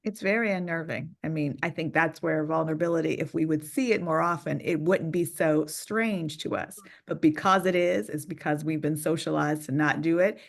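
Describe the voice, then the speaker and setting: A woman with a somewhat low voice, speaking thoughtfully in a relaxed conversation. She explains her ideas in a steady, measured way. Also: gravelly. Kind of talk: reflective conversational chat.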